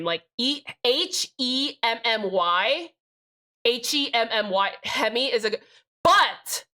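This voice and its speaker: A woman's voice: on the high side, sharp tone. A young woman streaming live, rambling and chatting casually with plenty of swearing.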